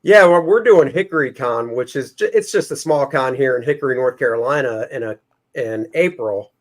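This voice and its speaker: A man's voice: medium pitch, moderate pace. A man hosting a casual interview show, easygoing, asking questions and reading out viewer comments. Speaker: show host.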